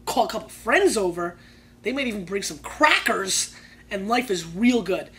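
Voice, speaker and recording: Hyped-up guy reviewing cheap wine on his show, slangy and loud, yells then goes quiet. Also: high-pitched, moderate pace, a little hiss or hum. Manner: excitable, loud bursts, slangy. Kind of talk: casual wine tasting review.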